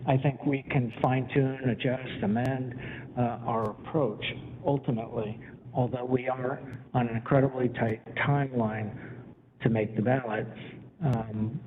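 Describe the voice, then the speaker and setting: A man's voice: mid-range voice, fairly even intonation. A man chairing a council meeting, calling for votes and often restarting his sentences. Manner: halting, restarts sentences, polls members for votes. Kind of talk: public meeting discussion. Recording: tinny phone-like audio with faint hiss.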